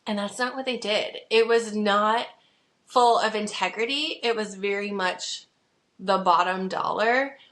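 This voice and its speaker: A woman's voice: medium pitch, measured pace, fairly bright tone. A woman in her thirties hosting a podcast, telling her own story candidly in a chatty way, full of "like" fillers. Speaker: podcast host. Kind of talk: casual personal storytelling.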